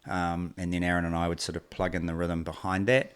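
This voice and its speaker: A man's voice: low-pitched, fairly quick, clear, resonant tone. A man in his forties with a New Zealand accent, a guest telling stories casually and acting out quoted dialogue along the way. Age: 40s. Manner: relaxed, rambling, acts out quoted dialogue. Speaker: guest, company co-founder. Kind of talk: casual interview storytelling.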